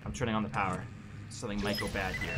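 A man hosting a live game stream, joking quickly and poking fun at the game as he plays. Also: fairly low pitch, little pitch movement, background noise. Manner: quick, joking, playful indignation. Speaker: host and player. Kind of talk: casual gameplay commentary.

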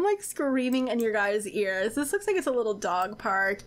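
A woman giving casual gameplay commentary as a YouTuber, gushing and excitable, with frequent gasps and exclamations. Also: a little high, moderate pace, hardly any pauses.

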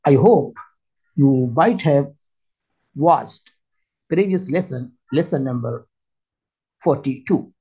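A man teaching a spoken language lesson, with slow, repetitive, halting phrasing. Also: mid-range voice, lively intonation, mellow, breathy edge. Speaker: Arabic teacher. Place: Qatar.

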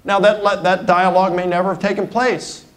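In a rough recording from a lecture hall, a middle-aged man delivers a conversational guest lecture at a university, using simple examples to explain points. His high, fairly bright voice has a flat delivery at a moderate pace.

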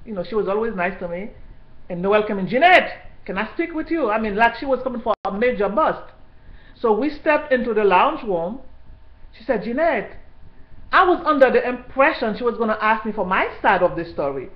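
A woman's voice: medium pitch, lively intonation, echoey room, highs cut off. Indignant woman telling a workplace story. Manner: indignant, halting, with repeated restarts. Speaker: hospital care worker telling her story. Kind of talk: personal testimony storytelling.

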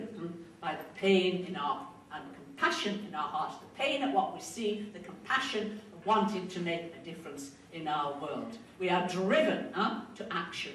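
A woman's voice: fairly low pitch, a bit bright, a little hiss or hum. Earnest woman lecturing in an echoey hall. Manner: earnest, acts out quoted voices. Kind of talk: storytelling lecture. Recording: echoey hall, distant mic, faint ambience.

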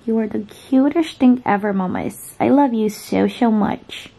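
A woman's voice: a little high, measured pace, creaky, mellow. A young woman cooing sing-song baby talk to her dog. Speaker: vlogger.

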